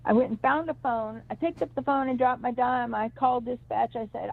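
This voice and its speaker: This middle-aged psychic reader speaks a little fast, with a fairly high, creaky voice and mostly even intonation. Calling in to a show over a thin, tinny line, she tells a story from her own life, emphatic and rambling, often starting her sentences over.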